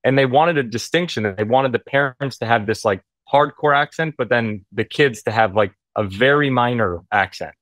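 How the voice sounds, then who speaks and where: A man's voice: medium pitch, normal speed, few pauses, fairly bright tone. A man chatting casually as an interview guest. His storytelling rambles and is full of fillers, in a mid-range voice. The sound is dry, with no room echo. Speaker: actor guest.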